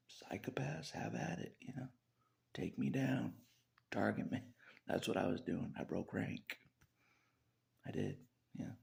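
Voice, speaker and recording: A man's voice: medium pitch, vocal fry, darkish tone. A man vlogging in a rambling religious monologue, laughing often and dropping into whispers.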